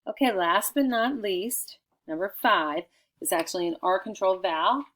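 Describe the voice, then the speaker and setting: A middle-aged woman teacher dictating a recorded spelling lesson for children, sounding out each word slowly and clearly. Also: medium pitch, a bit bright.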